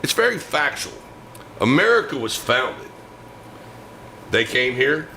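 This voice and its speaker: A man's voice: mid-range voice, big pitch swings, unhurried, sharp tone, slight background noise, rough recording. A man co-hosting a political talk show, delivering angry, emphatic rants.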